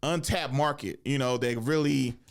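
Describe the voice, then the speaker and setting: A man in his thirties, a comedian hosting a podcast, talking casually in a rambling, profane, animated way in a podcast studio. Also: mid-range voice, normal speed, gravelly. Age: 30s.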